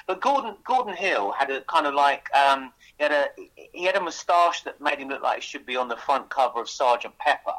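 A man's voice: mid-range voice, expressive, fairly quick, fairly bright tone, poor audio. A man chatting as a guest on a radio show, his mid-range voice rising and falling as he tells stories. He restarts his sentences often and pushes ahead with eager enthusiasm. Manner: enthusiastic storyteller with frequent restarts. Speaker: author guest. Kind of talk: casual radio interview chat.

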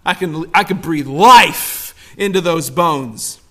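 A man voicing Jesus, speaking softly and tenderly to a lost young man. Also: fairly high pitch, takes it slowly, voice pushed down.

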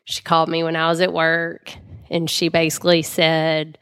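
A woman's voice: sits low, completely flat delivery, moderate pace, a bit bright, clear, resonant tone. A woman, chatting as an interview guest and telling a personal story with lots of fillers.

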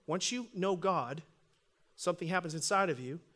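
Middle-aged male pastor with a light, high voice; animated sermon storytelling that swells loud at its peaks. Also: normal speed.

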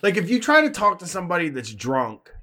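A man's voice: high voice, huge pitch swings, a little fast, pushed and bright. A man in casual chat who rambles and restarts his sentences, laughing easily.

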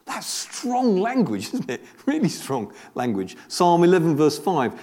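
A man's voice: fairly high pitch, wildly swooping pitch, unhurried, hardly any pauses, warm tone. A man preaching a sermon in a conversational way, repeating words and asking the congregation rhetorical questions. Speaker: pastor.

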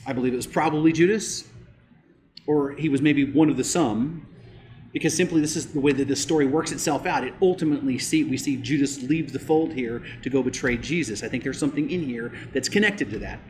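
This man's sermon is forceful: as pastor he lifts his voice for the key points and then lowers it, slowing down, to hammer them home.

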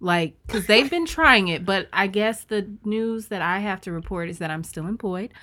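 A woman's voice: medium pitch, animated, normal speed, pushed and bright. A young woman co-hosting a podcast, talking frankly and emphatically in casual chat. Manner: frank, emphatic, supportive interjections. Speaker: podcast co-host.

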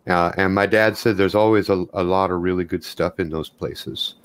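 A man who is a player in a tabletop role-playing game, talking in a measured way and asking questions. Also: low voice, steady tone, smooth.

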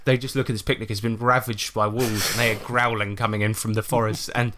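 A man's voice: fairly low pitch, little pitch movement, fast, fairly bright tone, slight background noise. Chatty man, laughing storyteller. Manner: chatty, laughing, swears casually. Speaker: podcast co-host, game master. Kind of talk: casual chat.

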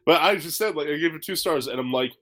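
A man's voice: on the high side, fast talker, over a noisy crowd. Rambling, swearing man telling a story. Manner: rambling, many fillers, swears freely. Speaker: podcast host. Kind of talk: casual storytelling.

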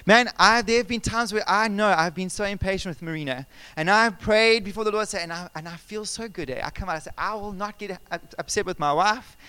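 A man preaching a sermon as pastor, animated and conversational, asking his congregation questions and telling personal stories. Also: high voice, fairly quick, hardly any pauses, smooth, no room sound. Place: church service.

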